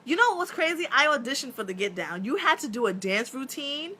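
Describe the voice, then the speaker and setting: A woman in her thirties, an actress chatting casually on a live stream, telling animated stories, laughing often and swearing freely. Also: high-pitched, a little fast, slight background noise. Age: 30s.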